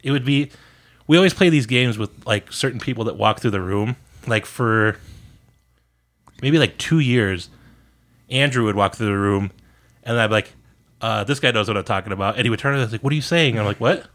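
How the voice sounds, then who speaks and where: A man co-hosting a podcast, telling a workplace anecdote in a loose, animated way. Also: fairly low pitch, moderate pace, long pauses. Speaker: podcast co-host. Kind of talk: casual storytelling chat.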